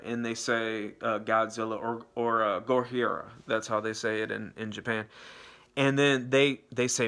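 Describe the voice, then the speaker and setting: A man's voice: fairly low pitch, flat delivery, moderate pace, gravelly, a bit bright. A young man giving a casual, rambling movie review, swearing freely and trailing off into fillers. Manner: rambling, profane, loose and unscripted.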